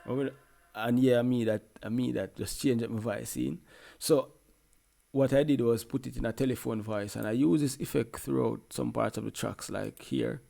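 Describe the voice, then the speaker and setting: A man's voice: medium pitch, steady tone, moderate pace, creaky, dark tone, a little hiss or hum. A man with a Jamaican accent, a music producer talking casually through a tutorial in a laid-back way. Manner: laid-back, peppered with "you know what I mean".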